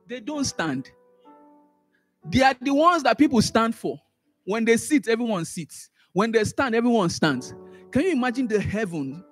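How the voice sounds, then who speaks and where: A man teaching a Sunday school class. He repeats words, restarts phrases and swings up sharply in pitch and loudness when he stresses a point. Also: normal speed, faint music behind. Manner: animated, rises sharply in pitch and volume for emphasis, trails off in asides. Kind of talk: church Bible teaching.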